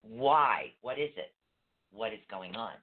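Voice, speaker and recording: A man's voice: lowish voice, slow pace. Casting: emphatic male meditation teacher, tinny phone-line sound. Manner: animated, emphatic, repeats key phrases. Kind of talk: casual teaching chat.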